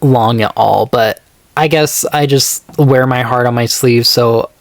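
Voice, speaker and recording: A man's voice: steady tone, a little slow, vocal fry, no echo. Podcast guy rambling thru a story, lots of likes, dry close sound. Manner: rambling, filler-heavy, acts out quoted texts in a higher voice. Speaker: podcast co-host. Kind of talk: casual storytelling chat.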